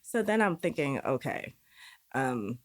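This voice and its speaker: Low-voiced woman telling a candid story. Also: sing-song, unhurried. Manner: acts out inner voices in quoted dialogue; candid, uses swearing. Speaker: podcast guest. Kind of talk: personal storytelling.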